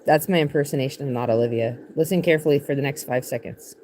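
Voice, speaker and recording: A woman's voice: very deep voice, fast, darkish tone, slight background noise. A woman streaming live from a tent, rambling irreverently in a casual, swearing comic chat. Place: in a tent, sitting on her bed.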